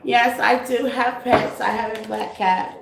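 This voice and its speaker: A woman's voice: a little high, level tone, measured pace, creaky. A woman hosting a tarot live stream, chatting casually and greeting her viewers with terms like baby and honey. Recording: echoey room, faint noise.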